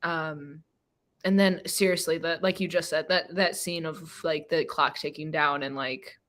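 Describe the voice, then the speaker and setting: A woman's voice: sits low, fairly even intonation, unhurried, fairly bright tone. A woman guest in a casual book discussion, emotional and rambling with many restarts and fillers.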